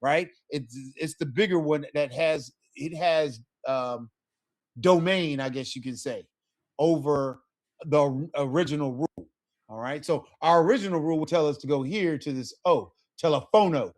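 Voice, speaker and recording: In this online lesson, a male Spanish teacher speaks at a moderate pace with a fairly high pitch. He patiently walks through the material, frequently pausing to check on his students.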